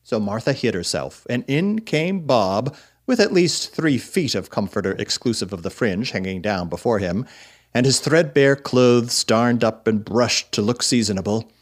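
A man narrating a classic story aloud in an animated storytelling manner. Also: mid-range voice.

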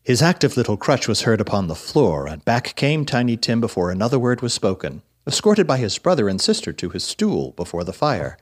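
A man narrating a classic story aloud in an animated storytelling manner. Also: mid-range voice, fairly quick, few pauses.

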